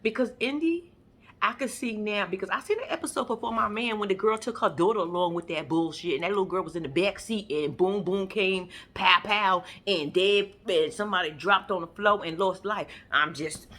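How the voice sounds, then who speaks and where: Woman, reality recap vlogger; animated, profane, laughs a lot. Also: mid-range voice, normal speed. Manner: animated, profane, acts out quotes, laughs often. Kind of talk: casual reality show recap.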